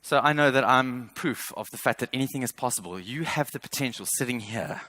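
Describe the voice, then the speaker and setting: A man's voice: mid-range voice, lively intonation, fairly quick, bright, forceful tone, no echo. Earnest man speaking on stage. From South Africa. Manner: earnest, emphatic, repeats words when building a point. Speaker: motivational speaker. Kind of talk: keynote speech.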